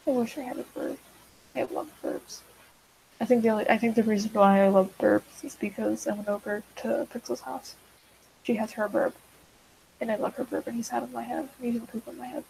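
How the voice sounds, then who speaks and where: A woman's voice: a little high, steady tone, brisk, vocal fry, a little mellow, a little hiss or hum, low-quality recording. A teenage girl chatting casually while drawing, rambling and awkward, full of fillers and restarts, self-deprecating. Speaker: digital artist vlogger. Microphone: desk mic.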